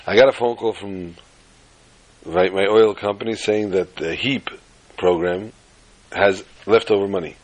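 A man with a husky, breathy voice and a low pitch, telling a folk tale casually. He rambles, jokes at his own expense, and often stumbles over and repeats his words. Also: steady tone, measured pace, pauses often, poor audio. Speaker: storyteller. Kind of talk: casual spoken storytelling.

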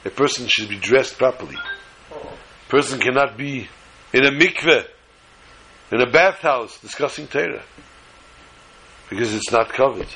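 A man's voice: mid-range voice, expressive, moderate pace, pauses often, fairly bright tone, a little hiss or hum, poor audio. A man giving an earnest Torah lecture, mixing in Hebrew and Yiddish terms and telling a story.

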